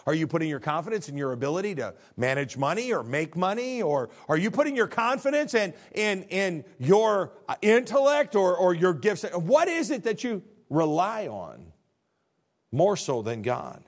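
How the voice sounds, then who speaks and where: A middle-aged man preaching a sermon as pastor, animated, acting out dialogues and swinging from quiet low lines to near shouts. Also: normal speed.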